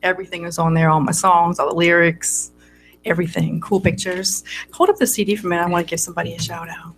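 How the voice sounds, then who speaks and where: A woman with a raspy voice, a singer-songwriter chatting easygoing as a guest in a radio studio. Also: little pitch movement, fast talker, faint music behind. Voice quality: raspy low voice. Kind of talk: casual radio interview chat.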